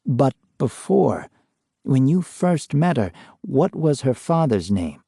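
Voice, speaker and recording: A man voicing a calm, persistent male parapsychologist who questions patiently and evenly. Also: medium pitch, slow pace, gravelly, slightly rough, no echo, studio quality, full character voice. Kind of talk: dramatized ghost story reading.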